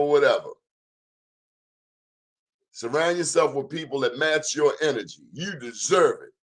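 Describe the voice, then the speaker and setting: A man hosting a talk show, giving a blunt, sermon-like monologue in plain, emphatic speech. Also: mid-range voice. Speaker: show host.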